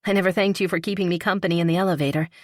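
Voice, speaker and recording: A woman narrator voicing a veteran male firefighter in a romance audiobook, friendly and low-key. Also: steady tone, very fast, no echo, clean studio sound, close to an everyday voice. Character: man, veteran firefighter, easygoing and earnest. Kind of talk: audiobook character reading.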